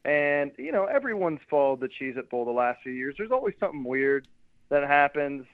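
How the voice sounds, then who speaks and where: Guy phoning into a radio show, chatty, trips over his words a lot, slightly high voice, thin dry phone sound. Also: sing-song, normal speed, no echo. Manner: chatty, stumbles and repeats words. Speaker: sports beat reporter, guest. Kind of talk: casual radio interview. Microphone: phone call. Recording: tinny dry phone line.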